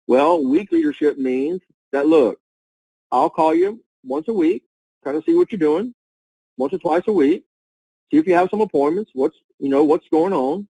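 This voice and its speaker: A man giving an energetic, repetitive coaching talk to a sales team over a webinar. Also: fairly high pitch, moderate pace, creaky, breathy edge, no room sound, poor audio. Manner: energetic, coaching, repeats himself.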